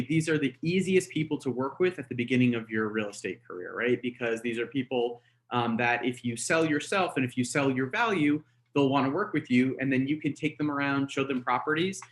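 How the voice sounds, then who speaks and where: Over a webinar call mic, a man from the United States works as a real estate trainer, coaching in a relaxed way peppered with fillers and tag questions like "right?". He speaks at medium pitch with a fairly bright tone.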